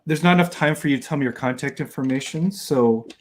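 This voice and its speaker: A man's voice: fairly high pitch, fast talker, slight background noise. A man, a guest LEGO builder, chatting politely and easily on a live stream. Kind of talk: casual live-stream chat.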